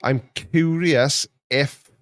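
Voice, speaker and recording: A man hosting a casual chat, reading viewer comments in a rambling, mocking, animated way. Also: fairly high pitch, very slow, no echo, clean studio sound. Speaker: host reacting to viewer comments.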